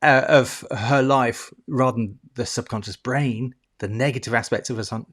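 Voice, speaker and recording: A middle-aged life coach with a mid-range, fairly bright voice speaks casually to camera in a teaching monologue. He often restarts his sentences, swears now and then, and adds little ding sound effects as he goes.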